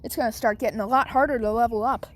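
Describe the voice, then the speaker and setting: A woman voicing an earnest, excitable teenage boy hero who reacts with wide-eyed, eager exclamations. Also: a little high, very fast, natural voice.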